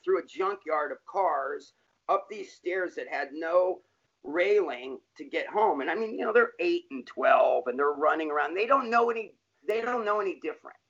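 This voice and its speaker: A man's voice: fairly high pitch, fairly bright tone. A middle-aged man telling his life story in an interview, blunt and profane, in plain street talk. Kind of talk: candid personal storytelling. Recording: dull lo-fi recording.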